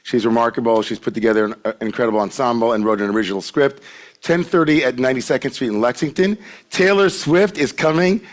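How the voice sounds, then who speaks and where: A man of medium pitch leads a Friday service, greeting newcomers and reading out announcements. He keeps it loose and chatty, joking with the room and leaning on filler words. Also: fast. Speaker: service leader at a congregation. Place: sanctuary with a congregation present.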